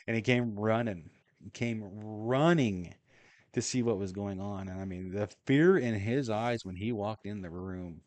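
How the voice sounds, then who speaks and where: A man's voice: on the low side, normal speed, no echo. A man telling a long story in a casual, rambling way while playing a game, full of fillers and chuckles. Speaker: gaming streamer.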